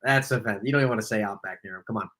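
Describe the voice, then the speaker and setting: Bright-voiced man breaking down plays. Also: fairly low pitch, racing, rough recording. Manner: analytical, breaks down plays with a joking aside. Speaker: co-host of a fan watch-party stream. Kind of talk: casual live game commentary.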